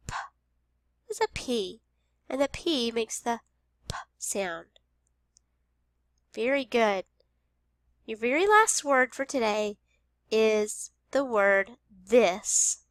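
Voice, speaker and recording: A woman's voice: a little high, a bit bright, no room sound, studio quality. A woman teaching a phonics lesson to young children, patiently sounding out each letter of every word.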